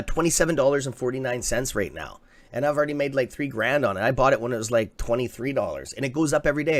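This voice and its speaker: A Canadian man hosting a casual live stock-market stream, chatty and excitable, swearing freely and reading out viewer comments. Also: mid-range voice. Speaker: livestream host.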